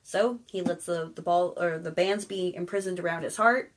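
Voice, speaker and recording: A woman's voice: on the low side, normal speed. A woman casually retelling an old fairy tale in slangy, irreverent talk that includes swearing. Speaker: storyteller.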